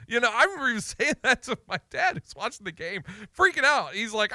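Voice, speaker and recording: Excitable high-voiced sports radio host. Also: male voice, fast, hardly any pauses, no room sound, studio quality. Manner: excitable, blunt.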